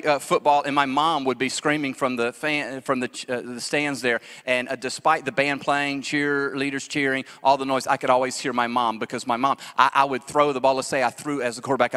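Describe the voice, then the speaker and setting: A man preaching a lively sermon to his congregation, acting out the voices of the people he describes. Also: medium pitch, clean tone, in a large hall. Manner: animated, acts out voices of church members. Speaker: pastor. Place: church sanctuary.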